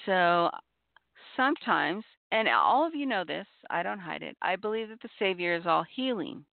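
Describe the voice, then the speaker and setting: Gravelly-voiced woman, tinny dry audio. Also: lowish voice, lively intonation, no echo. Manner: earnest, measured, repeats key points. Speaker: podcast host on abuse recovery. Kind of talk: reflective advice talk.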